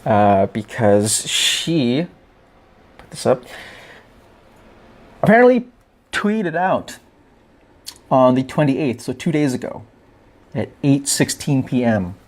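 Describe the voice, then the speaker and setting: A man's voice: medium pitch, animated, slow, long pauses. A man hosting his podcast, talking through the topic in a casual, joking monologue with a wry tone. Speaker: podcast host.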